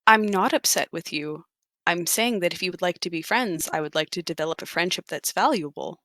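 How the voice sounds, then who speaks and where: A woman's voice: on the low side, fairly quick, a bit bright, dry recording, natural voice. A woman voicing a formal, earnest male cleric who speaks in stiff, old-fashioned phrases.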